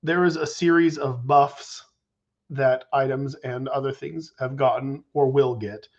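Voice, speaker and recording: A man's voice: medium pitch, steady tone, unhurried, a little mellow. Rambling man on a lo-fi call. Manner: rambling, restarts, casual swearing. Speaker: game designer guest. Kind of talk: casual live Q&A chat.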